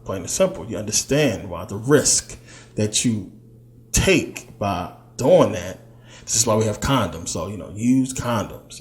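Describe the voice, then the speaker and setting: A man giving a loose, conversational spiritual teaching talk, full of fillers. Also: on the low side. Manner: loose, conversational, many fillers, slips into quoted voices.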